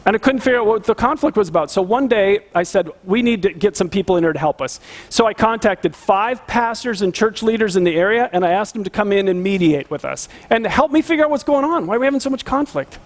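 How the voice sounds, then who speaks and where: A middle-aged man, a pastor, preaching a sermon and telling a personal story in an animated, earnest way. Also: high voice, fast.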